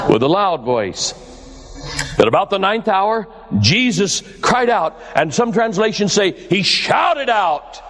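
An older man preaches in a church, his voice sitting fairly high. He has a preacher's cadence, drawing words out slowly for weight and rising at his exclamations. The sound carries a long reverb from the hall around him. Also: fairly bright tone. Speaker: pastor. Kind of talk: sermon.

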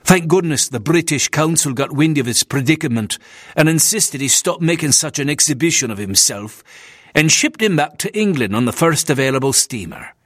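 A man's voice: fairly high pitch, animated, normal speed, no echo, studio quality. A man voicing a stiff, disapproving Methodist minister with a Scottish accent in an audiobook.

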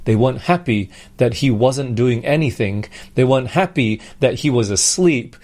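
Earnest man preaching a sermon. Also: mid-range voice. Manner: earnest, rhetorical questions, acts out pleading prayers.

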